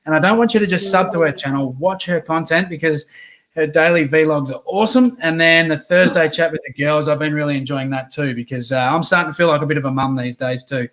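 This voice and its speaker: A man's voice: fairly high pitch, a little fast, a bit bright. A man hosting a casual livestream interview, easygoing and rambling with lots of ums and uhs. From Australia. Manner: easygoing, rambling with many fillers. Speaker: livestream host.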